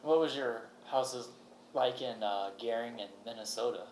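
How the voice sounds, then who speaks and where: A male interviewer asks short, plain questions about family life. His voice sits at a medium pitch, and he keeps his delivery simple and direct. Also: normal speed, a little hiss or hum, poor audio.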